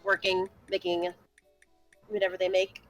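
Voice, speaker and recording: A young woman running a tabletop role-playing game as game master, setting scenes in a relaxed, explanatory way. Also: mid-range voice, a little slow, soft background music, rough recording.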